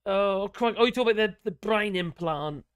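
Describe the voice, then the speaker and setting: A man's voice: high-pitched, normal speed, clear, resonant tone, no echo, studio quality. A man hosting a live politics stream, rambling and blunt, swearing freely and chuckling as he talks. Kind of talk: casual live-stream commentary.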